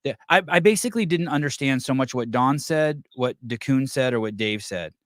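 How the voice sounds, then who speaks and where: A man's voice: medium pitch, lively intonation, fairly quick, a bit bright, no echo, studio quality. A man hosting a podcast in casual chat, swearing freely and restarting his sentences often. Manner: profane, rambling, many restarts. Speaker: podcast host. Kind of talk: casual live-stream chat taking calls.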